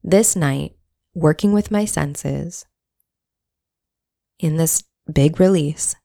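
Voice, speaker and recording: Low-voiced woman telling a candid personal story. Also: very slow, vocal fry, mellow. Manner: candid, reflective, swears casually.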